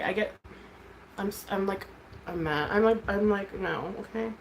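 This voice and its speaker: A woman's voice: mid-range voice, moderate pace, a little hiss or hum, poor audio. A woman chatting casually on a livestream as its host, rambling candidly about her kids and swearing freely.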